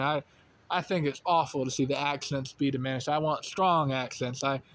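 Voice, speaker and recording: A man's voice: on the high side, fairly bright tone. Man, young adult, light Southern accent from North Carolina, rambling casual talk, faint background hiss. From rural North Carolina. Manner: rambling, many fillers and restarts. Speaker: channel host. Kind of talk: casual monologue.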